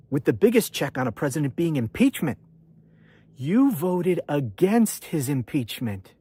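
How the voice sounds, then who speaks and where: Indignant man ranting, husky voice. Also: fairly high pitch, a little mellow, dry recording. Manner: indignant, accusatory, repeated refrains. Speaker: political commentator host. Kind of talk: angry political rant to camera.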